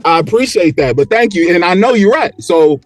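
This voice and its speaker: A man tells a story on a podcast in a casual, animated way, acting out what people said. His voice sits high and swings widely in pitch. Faint music plays under him. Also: brisk, no room sound. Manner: animated, acts out quotes and motions. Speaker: podcast guest.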